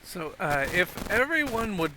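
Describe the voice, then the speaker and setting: A man narrating as game master of a tabletop game, animated with halting fillers. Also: high-pitched, background noise.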